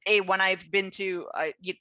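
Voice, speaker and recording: A woman's voice: mid-range voice, fairly even intonation, normal speed, bright, forceful tone, no echo. A Canadian woman in her thirties, chatting as an interview guest, laughing often and restarting her sentences. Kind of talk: casual interview chat.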